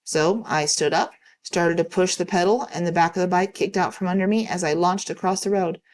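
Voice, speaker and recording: Woman narrator, lowish pitch, calm steady reading, story reader. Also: a little fast. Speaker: narrator reading online posts. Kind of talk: reading aloud.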